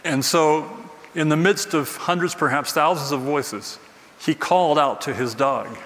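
Unhurried yet emphatic, he repeats his central phrases as he delivers the sermon, his voice a little high and a bit bright. The sanctuary's reverberant acoustics, a distant mic and faint noise shape the sound.

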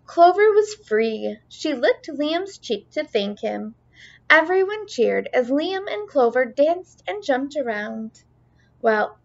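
A woman teacher reading a children's storybook aloud in an expressive, sing-song way. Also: sits high, gravelly. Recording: dull lo-fi recording.

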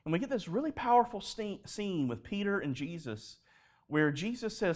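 A man preaching a sermon at a live church service, telling stories in an animated way and acting out the dialogue. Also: high-pitched, moderate pace. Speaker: pastor.

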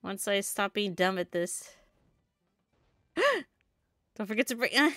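A woman's voice: medium pitch, big pitch swings, slow, pauses often, a bit bright, no echo, clean studio sound. A woman streamer chatting casually and self-mockingly over live gameplay.

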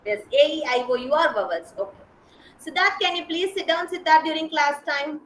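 A woman's voice: sits high, normal speed, fairly bright tone. A woman teaching a kindergarten class over a video call. She is patient and repeats and spells out sounds for small children. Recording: roomy echo.

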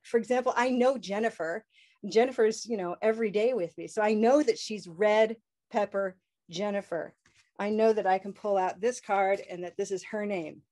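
A woman's voice: medium pitch, a little mellow. Upbeat woman leading class chants. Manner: upbeat, leads call-and-response chants. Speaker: English pronunciation teacher. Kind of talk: live online class with chants.

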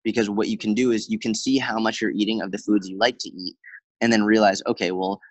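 A man's voice: lowish voice, dry recording, poor audio. A man, a fitness coach, talking casually in an interview, telling stories with quoted dialogue and lots of fillers. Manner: fast, animated storyteller with many fillers and quoted dialogue. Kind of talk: conversational interview.

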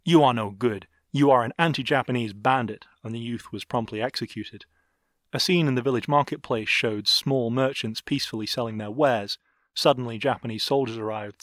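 A man reading an audiobook in a measured, even way. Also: medium pitch, no echo, studio quality. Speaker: audiobook narrator. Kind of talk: audiobook narration.

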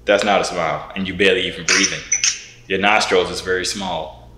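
A young man with a slightly low voice runs a playful prank over a video call. He teases, then turns mock-serious. The room around him sounds echoey. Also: steady tone, a little fast, background noise. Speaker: vlogger.

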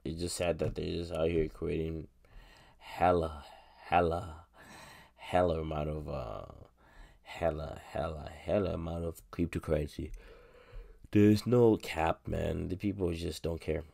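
A man with a deep, gravelly voice talks through a crypto token in loose solo commentary. He rambles, repeats phrases and drops slang as he works through the numbers. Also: little pitch movement, measured pace, a little mellow. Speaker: crypto reviewer.

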